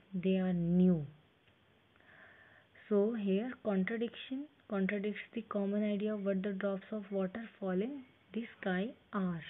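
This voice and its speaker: A woman with an Indian English accent teaching an English grammar lesson, explaining step by step and reading example sentences aloud slowly. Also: mid-range voice. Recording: tinny phone-like audio with faint hiss.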